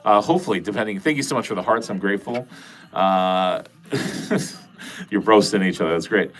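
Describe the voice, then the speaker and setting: A man's voice: on the low side, moderate pace. A man from Wisconsin with a nasal voice and a Wisconsin accent, rambling casually as a livestream host and swearing now and then. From Wisconsin, USA. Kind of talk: casual livestream chat with viewers.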